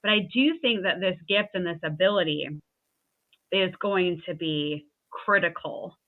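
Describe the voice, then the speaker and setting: Woman host on a video call, lowish voice, tinny phone-ish sound, earnest. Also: measured pace. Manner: thoughtful, earnest, some restarts. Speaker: podcast host. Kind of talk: casual interview chat.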